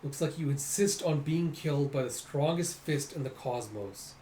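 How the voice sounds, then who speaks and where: A brash male cyborg fighter taunts with easy swagger, as a man reads him. The voice is dark and mellow. It sounds like an echoey room with faint noise. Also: fairly high pitch, expressive, normal speed, close to an everyday voice. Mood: taunting.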